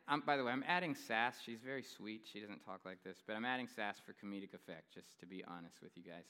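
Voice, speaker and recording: Smooth-voiced young pastor in a big hall. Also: male voice, on the low side, fast talker, few pauses. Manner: relaxed conversational, humorous storytelling. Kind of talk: sermon. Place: large church hall. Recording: long reverb in a large hall.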